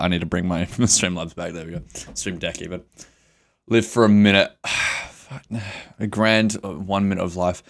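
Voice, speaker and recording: A man's voice: deep voice, fairly bright tone. A young man live streaming a video game, talking to his chat with melodramatic mock grief, swearing and laughing. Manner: reads chat aloud and answers it.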